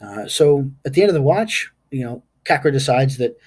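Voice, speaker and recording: Male game master, husky and animated, casual rambling session recap. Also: medium pitch, normal speed. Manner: rambling, stops to recall names aloud.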